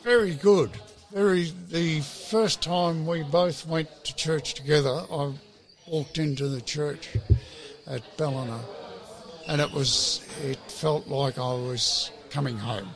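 A man's voice: on the high side, fairly even intonation, slow, fairly bright tone, faint music behind. A man, telling a long personal story at an easy rambling pace with repeated words. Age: 70s. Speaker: interview guest. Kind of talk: casual storytelling.

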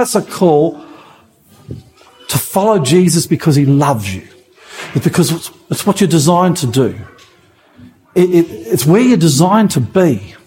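A man preaches with fervent, pleading intensity, repeating his key phrases for emphasis. His voice sits notably high for a man. It is an evangelistic sermon delivered straight to the listener. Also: darkish tone. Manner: impassioned and pleading, with emphatic repetition.

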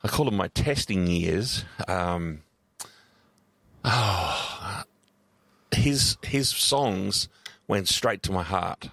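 A man's voice: low voice, expressive, extremely slow, gravelly, pauses often, fairly bright tone, no room sound. A man co-hosting a radio chat, agreeable and reading scripture aloud. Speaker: radio co-host.

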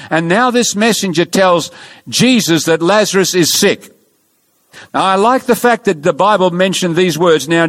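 A man preaching a sermon, asking his listeners questions and swinging between rising emphasis and soft, low endings. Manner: rising and falling preacher cadence, asks the congregation questions.

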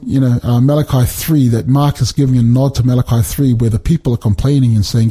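A man explaining Bible passages in a relaxed conversation, animated and emphatic, often repeating words as he builds his point. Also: medium pitch, brisk, few pauses, slightly rough. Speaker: Bible teacher.

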